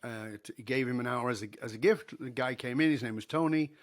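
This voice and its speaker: A middle-aged leadership speaker, appearing as a podcast guest, tells a story conversationally, acting out the dialogue and laughing along. His voice is medium-pitched and his pace quick.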